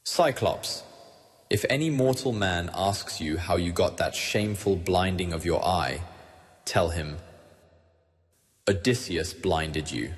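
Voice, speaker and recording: A man putting on a proud warrior hero who declaims his boast. The voice is very deep and unhurried. A long hall reverb trails behind it. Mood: boastful. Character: boastful male Greek hero taunting from a ship.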